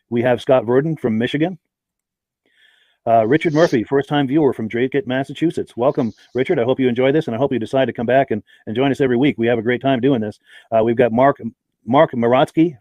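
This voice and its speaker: Guy hosting a live podcast, talks quick, reads off viewer names, dry close sound. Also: mid-range voice, mellow, no echo, muffled recording. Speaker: podcast host. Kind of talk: live-stream podcast chat.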